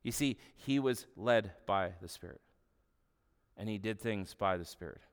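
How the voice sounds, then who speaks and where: A man's voice: fairly low pitch, a little slow, clear, resonant tone, long reverb tail. A man preaching a sermon in a conversational, humorous storytelling way. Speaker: pastor.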